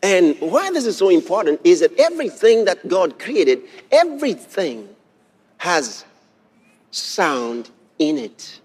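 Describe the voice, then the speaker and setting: A man preaching a sermon, reading scripture aloud and repeating key phrases with emphasis, sometimes bursting into shouts. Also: high-pitched, big pitch swings, slow, breathy edge. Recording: long hall reverb.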